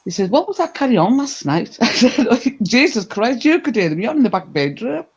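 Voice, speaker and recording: A woman telling a gossipy anecdote in a casual chat, animated and full of asides. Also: a little high, a little fast, slightly rough. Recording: dull lo-fi recording.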